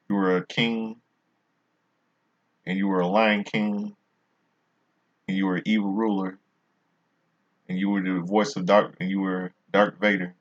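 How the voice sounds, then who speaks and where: A man's voice: low-pitched, lo-fi sound. A man casually reviewing a wrestling show in a vlog, rambling and often restarting his sentences.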